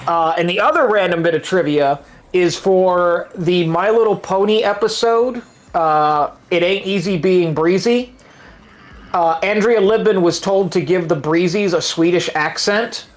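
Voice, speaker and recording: A man's voice: high voice, a little slow. Swearing, chatty trivia-loving man. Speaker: stream co-host. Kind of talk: casual gaming chat.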